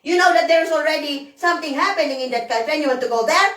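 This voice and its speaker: High-voiced hoarse woman ranting in echo. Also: brisk, fairly bright tone, far from the mic. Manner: profane, rambling, emphatic. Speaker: vlogger. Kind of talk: emotional rant to camera. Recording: echoey room, voice off-mic.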